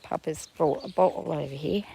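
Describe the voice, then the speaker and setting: A woman vlogging casually on a farm, gushing excitedly and using baby talk with her animals. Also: deep voice, brisk, gravelly, a little hiss or hum. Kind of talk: casual vlog, talking to animals and viewers.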